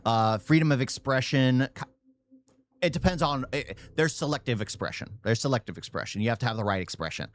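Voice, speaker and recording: A man reacting to a video in casual commentary, halting and repeating his own phrases. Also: mid-range voice, animated. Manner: halting, repeats himself, frequent restarts.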